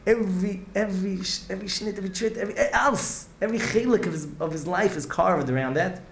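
In a high-pitched, gravelly, rapid voice, a male rabbi teaches a heartfelt Torah class, speaking earnestly and repetitively, restarting phrases, and mixing in Hebrew and Yiddish. Slight background noise and faint ambience fill the echoey room.

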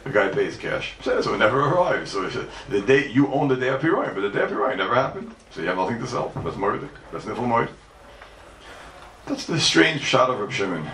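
A man's voice: medium pitch, sing-song, fairly quick, a bit bright. A man teaching Talmud to a congregation as a rabbi, emphatic, asking and answering his own questions and repeating key points. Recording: echoey room mic from far off, faint background noise.

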